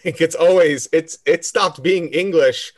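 A man's voice: on the high side, a little slow, no room sound. An American man casually explaining history on a podcast, with fillers and restarts. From United States. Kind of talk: casual chat.

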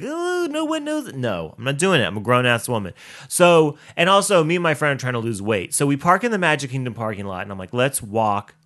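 A man hosts his own show with a comic monologue. His voice is bright and pushed forward. He leans into the sass, swears freely, and tells the story with wide swings in pitch. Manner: sassy, profane, animated storyteller with big pitch swings. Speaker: podcast host.

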